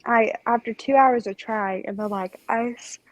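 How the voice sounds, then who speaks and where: A woman's voice: on the high side, a little slow, low-quality recording. A young woman co-hosting a podcast, rambling through a story in casual chat. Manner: rambling, animated storytelling with laughs. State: recovering from strep throat. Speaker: podcast co-host.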